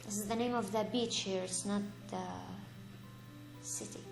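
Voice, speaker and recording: A woman teaching an English grammar lesson, reading example sentences aloud slowly and patiently, and correcting her own slips. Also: medium pitch, steady tone. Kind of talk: slow, deliberate lesson for young learners. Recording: echoey room with faint music.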